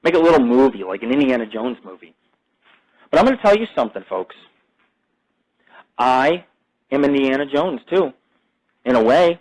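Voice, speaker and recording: A man's voice: medium pitch, very animated, normal speed, long pauses, darkish tone, poor audio. A man hosting his own podcast, delivering a rambling, profane casual monologue that jumps between topics. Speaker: podcast host.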